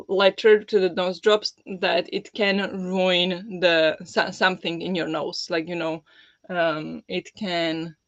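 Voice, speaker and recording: A streamer chatting casually at home, keeping the voice low and soft because of a sore, swollen throat. The sound is dry and a little muffled, and the voice sits at a middling pitch. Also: no room sound. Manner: talking softly with a held-back, lowered voice. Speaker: livestream host. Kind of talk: casual chat with viewers.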